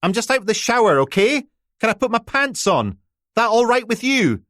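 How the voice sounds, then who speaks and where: A petulant teenage girl snapping back through a closed door, as a male narrator voices her. The pitch sits well above his own and the delivery is loud and sharp. The recording is dry and close. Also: very animated, moderate pace, no echo, heavily acted. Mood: stroppy.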